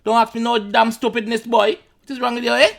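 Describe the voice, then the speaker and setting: A hot-tempered male inmate, put on by a man, snaps back at the prison governor in a loud, raised voice. His Bajan or Vincentian accent is put on, and his pitch jumps well above the speaker's normal voice. He is rude and defiant all the way through. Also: flat delivery, fast, creaky, full character voice.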